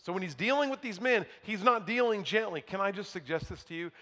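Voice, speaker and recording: A man preaching a sermon from the pulpit, emphatic, dropping to quiet asides and mocking the other side. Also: high-pitched, lively intonation, brisk. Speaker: pastor. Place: church sanctuary. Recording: long hall reverb.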